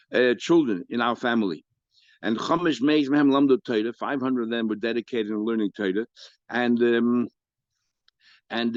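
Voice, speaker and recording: A male rabbi teaching a Talmud lesson at an even, ordinary pitch. He explains the text line by line and gets louder and higher as he reads the quoted passages. The sound is dry and a little dull. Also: no echo. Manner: explanatory, rises in pitch and volume when reading quoted Aramaic. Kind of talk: daily Talmud class. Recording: dry, slightly dull recording.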